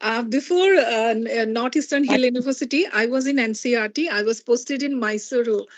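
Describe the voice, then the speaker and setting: A woman academic from Northeast India with a Northeast Indian English accent, animated and chatty, full of "you know". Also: fairly high pitch, a little fast, no echo. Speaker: university academic.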